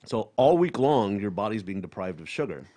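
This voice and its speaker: A stand-up comedian in casual podcast chat, blunt and profane, laughing often and trailing off with fillers. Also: male voice, fairly low pitch, big pitch swings, moderate pace, warm tone.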